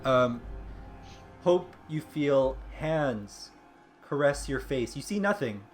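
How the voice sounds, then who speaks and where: A man's voice: mid-range voice, expressive, slow pace, faint music behind. Hesitant man running a tabletop game. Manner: hesitant, full of ums and restarts. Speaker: dungeon master.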